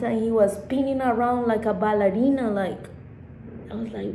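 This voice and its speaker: A woman's voice: medium pitch, fairly even intonation, moderate pace, warm tone. Rambling, emotional woman vlogger. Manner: rambling, emotional, swears often. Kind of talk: casual storytime monologue. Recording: echoey room with faint background noise.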